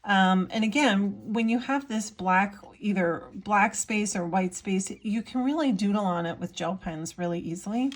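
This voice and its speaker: A woman's voice: mid-range voice, normal speed, few pauses. A woman in her thirties, an artist chatting casually in her vlog, bubbly and gushing with lots of fillers as she shows her work. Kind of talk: casual chat while showing items.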